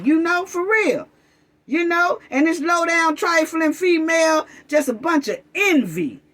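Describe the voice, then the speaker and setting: A woman's voice: high voice, fairly bright tone. A woman delivering an impassioned commentary rant, emphatic and accusatory, hammering the same phrases over and over. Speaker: commentary vlogger.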